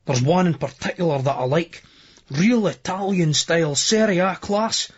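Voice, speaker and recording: A Scottish man reading a novel aloud in first person, brisk and earthy, with plenty of swearing. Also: fairly high pitch, slightly rough. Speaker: audiobook narrator. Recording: dull lo-fi remastered audiobook.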